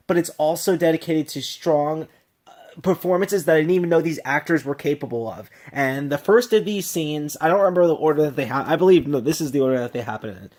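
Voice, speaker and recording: A tipsy man casually reviewing a film on his vlog, gushing and rambling with many restarts and laughs. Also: fairly high pitch.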